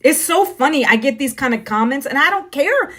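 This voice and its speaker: A woman's voice: high-pitched, lively intonation, a little fast, fairly bright tone. A middle-aged woman from the United States, talking bluntly and preachily to viewers on a phone live stream. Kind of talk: casual live-stream monologue.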